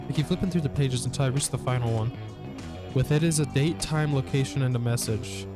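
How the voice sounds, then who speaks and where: A man's voice: medium pitch, huge pitch swings, brisk. A man playing a narrative game, reading its text aloud and reacting with frequent laughter and swearing. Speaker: gameplay streamer. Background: background guitar music.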